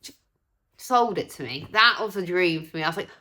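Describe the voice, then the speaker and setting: Young woman vlogger from England, casual storyteller, slightly low voice. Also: brisk. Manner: chatty, animated, acts out quoted voices.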